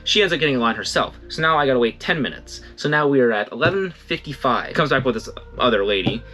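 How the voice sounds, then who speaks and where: A man's voice: medium pitch, fast talker, soft background music. A young man in casual storytelling, rambling and correcting himself, acting out what others said. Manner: rambling, self-correcting, animated quoting. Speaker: vlogger.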